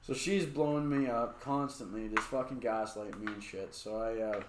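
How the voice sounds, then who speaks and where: A man's voice: on the low side, normal speed, noisy background. Profane, rambling man in an echoey room. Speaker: podcast co-host. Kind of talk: casual chat.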